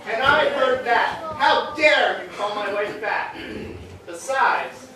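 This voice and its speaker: Skinny husband, proud, sings comic lines slowly, played by a man in a far echoey hall. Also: very high voice, expressive, crowd noise, heavily acted. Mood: indignant. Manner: singing comic song lines. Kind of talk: community theater musical comedy.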